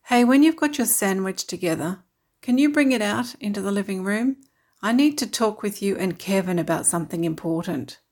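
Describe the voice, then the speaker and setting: A woman voicing a tired but caring mother in a storybook reading, speaking gently and reassuringly. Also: medium pitch, lively intonation, normal speed, lightly acted.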